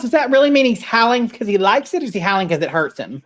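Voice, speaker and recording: A man's voice: extremely high pitch, big pitch swings, fast talker. A man co-hosting a casual podcast, talking in a rambling, blunt way and swearing freely. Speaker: podcast co-host. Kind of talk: casual chat.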